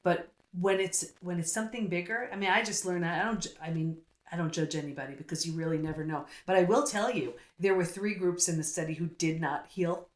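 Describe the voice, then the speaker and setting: A middle-aged woman, a psychologist guest, telling her story in an earnest, casual interview manner. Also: lowish voice. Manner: earnest, storytelling, quick asides. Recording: roomy echo.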